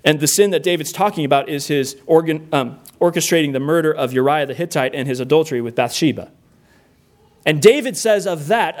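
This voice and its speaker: A middle-aged man delivers a sermon in an earnest, plainspoken way. His voice sits a bit higher than most men's. He presses points with rhetorical questions. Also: a little fast, a little mellow. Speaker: pastor.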